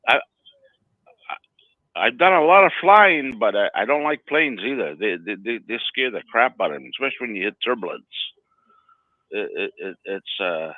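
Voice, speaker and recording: A man's voice: mid-range voice, expressive, normal speed, dry recording. A man telling rambling stories in a casual chat as co-host, often stammering and laughing. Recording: dry, phone-like line.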